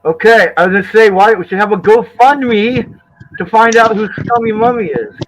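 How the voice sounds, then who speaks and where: A man's voice: high voice, normal speed, fairly bright tone, poor audio. A man in a heated live-stream voice chat, mocking and taunting, swearing a lot. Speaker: stream caller.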